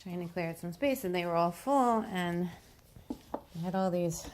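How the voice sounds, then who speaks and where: A woman's voice: lowish voice, a little slow, darkish tone. A mother giving a casual, rambling walking tour of her messy house, sounding tired and plain-spoken. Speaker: mother vlogging a home tour. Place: house, indoors and around the yard.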